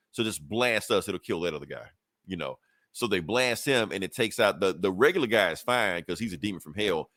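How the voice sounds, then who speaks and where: Low-voiced man rambling through a comic recap. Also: a bit bright, no echo, clean studio sound. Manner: rambling, profane, full of fillers and restarts. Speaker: podcast host. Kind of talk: casual comic book recap.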